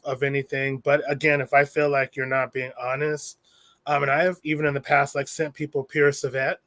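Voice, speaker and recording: A man's voice: fairly high pitch, a bit bright, dry recording. A man who makes perfume, a guest in a casual chat, rambling and laughing easily.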